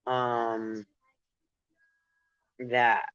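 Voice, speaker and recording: Hosting a spiritual channel, a man delivers a rambling monologue that wanders and restarts, full of "right?" asides and bursts of laughter as he passes along messages. His voice is medium-pitched, level and very slow, slightly bright and smooth. The recording is muffled with no echo.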